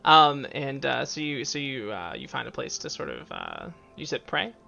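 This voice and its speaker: A man narrating a tabletop game as game master, halting and full of fillers and restarts, with slightly dull sound and faint music behind. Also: medium pitch, huge pitch swings, creaky, pushed and bright.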